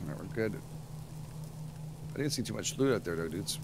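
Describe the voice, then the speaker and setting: A man's voice: fairly low pitch, animated, normal speed, vocal fry, noisy background. A man streaming a co-op survival game, chatting casually, swearing and laughing. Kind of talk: casual gaming chat.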